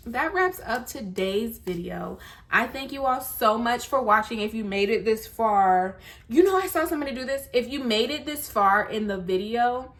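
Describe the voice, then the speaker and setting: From her bedroom at night, a woman in her late twenties speaks straight to camera in a candid lifestyle vlog, her mid-range voice fairly bright in tone. She rambles to her viewers, sad and on the verge of tears.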